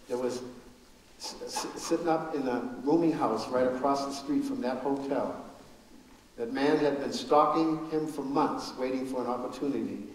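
A man's voice: medium pitch, darkish tone, close to an everyday voice. An actor playing an elderly preacher father who tells his family's story with earnest grief and stumbles over repeated words when moved. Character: grieving elderly preacher father, steadfast and forgiving. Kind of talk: live theatrical storytelling. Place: school auditorium. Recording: echoey hall, mic far off.

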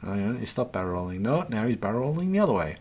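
A man's voice: fairly low pitch, very animated, rapid-fire, a little mellow, slight background noise. A man hosting a gaming channel, giving an exasperated, swear-filled running commentary as he plays and talks to himself and to his viewers. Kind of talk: live gameplay commentary.

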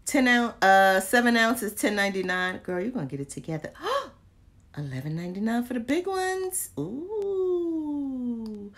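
A woman's voice: a little high, sing-song, unhurried. A woman vlogging casually to her viewers, chatty and exasperated, full of slang and muttered asides. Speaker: candle vlogger. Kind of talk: casual live chat to viewers.

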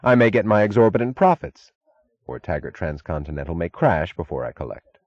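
A man voicing a cold steel magnate who bargains in an even, dryly mocking tone. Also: low voice, a little fast, no echo, dull audio, full character voice.

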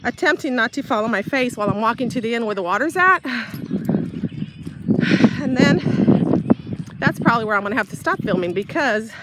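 A woman's voice: fairly high pitch, expressive, a little fast, pauses often. A woman vlogging casually as she walks her dog outdoors, slightly out of breath, rambling and laughing often. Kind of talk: casual vlog chat while walking. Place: outdoors by a bay, windy. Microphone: handheld device held while walking. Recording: loud wind and outdoor noise. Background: wind, birds, dog.

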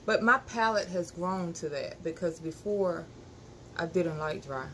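A woman's voice: on the low side, measured pace. A woman, co-hosting a casual live stream and greeting viewers by name. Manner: warm greetings, reads names aloud, easygoing. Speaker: co-host. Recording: faint background noise.

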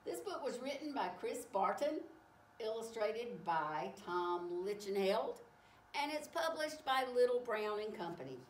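A woman reading a picture book aloud to children, exclaiming often in an animated way. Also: medium pitch, a little hiss or hum. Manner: animated, exclaiming, slow and warm-paced. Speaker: storyteller. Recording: echoey room, far from mic.

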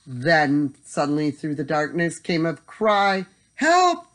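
Casting: a mid-pitched, expressive bedtime story reader. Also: slow.

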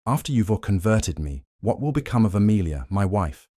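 A man's voice: on the low side, very animated, moderate pace, no room sound, clean studio sound. A man voicing Jim Simpson, defiant android. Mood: pleading. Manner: pleading, then shouting in anger. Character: proud defiant android man, forty, bitter and desperate.

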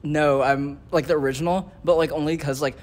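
A young art student talks casually in a studio, rambling and dryly teasing. His voice is a little higher than most men's. Faint ambience hums behind him. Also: steady tone, a little fast, a little mellow, a little hiss or hum. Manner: rambling, dry teasing, heavy use of "like". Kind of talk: casual chat.

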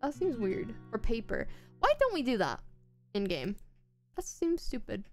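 Chatty Irish woman streamer, higher voice. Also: wildly swooping pitch, a little slow, soft background music. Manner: rambling, chatty, playful asides. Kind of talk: casual chat while gaming.

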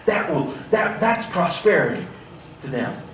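A male pastor preaching a sermon, swinging between loud, animated stretches and hushed, pointed asides. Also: a little high, a little slow, slight background noise. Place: church sanctuary. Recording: echoey church room, mic at a distance.

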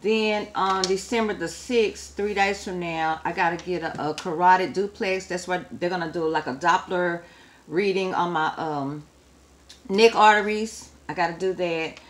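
A woman's voice: lowish voice, moderate pace. Chatty woman vlogging. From Texas. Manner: chatty, addresses viewers as y'all; swings from quiet to loud and animated. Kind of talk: casual chat to camera.

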